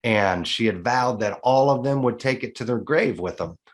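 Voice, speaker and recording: A man in his forties shares a personal story in an interview, mid-pitched and earnest. He gets animated and acts out the conversations he recounts. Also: moderate pace. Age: 40s. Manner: earnest, animated retelling with quoted dialogue. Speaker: guest.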